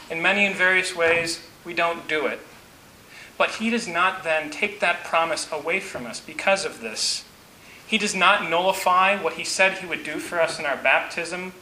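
A man preaches a sermon with a bright, sharp, fairly high voice. He talks earnestly and in measured phrases, slowing right down on key words. The echoey church sound has a faint hiss under it. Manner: earnest, measured preaching with slow emphatic pauses. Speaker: pastor.

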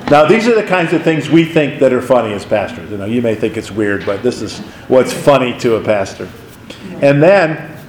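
Male pastor, conversational Bible teacher, animated storyteller, echoey room. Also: medium pitch, a little hiss or hum.

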